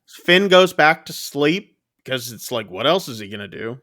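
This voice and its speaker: An animated man with a sharp, mid-range voice and normal pace co-hosts a podcast, casually retelling a film's plot as part of a review chat and using lots of fillers. The studio sound is clean, with no room noise.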